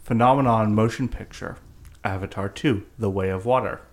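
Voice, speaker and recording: A man's voice: on the low side, moderate pace. A young adult man co-hosting a casual podcast with wry, joking banter. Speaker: podcast co-host.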